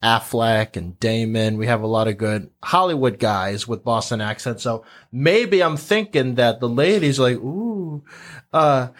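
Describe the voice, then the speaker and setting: A man's voice: mid-range voice, normal speed, few pauses. A man hosting a podcast panel, steering the topics and joking along the way. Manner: leads topics, jokey. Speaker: podcast host.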